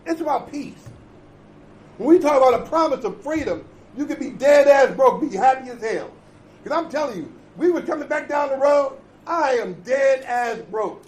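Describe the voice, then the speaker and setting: A man's voice: sits high, slight background noise, rough recording. A man giving a blunt, emphatic recovery talk, repeating points and checking in with the room. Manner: emphatic, repetitive, blunt with profanity; conversational, checks in with "okay?" and "right?". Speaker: recovery conference speaker.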